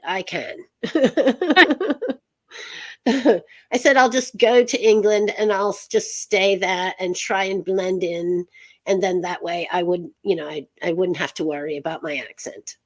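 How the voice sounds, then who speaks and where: A woman hosting an interview show, chatty and rambling, laughing often between remarks. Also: mid-range voice. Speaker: host. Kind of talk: casual chat show interview.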